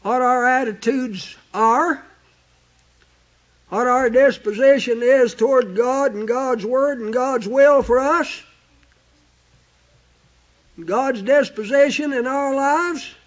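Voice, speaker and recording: A man preaching a sermon, quoting scripture with emphatic, drawn-out stress on single words. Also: very high voice. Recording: dull lo-fi recording.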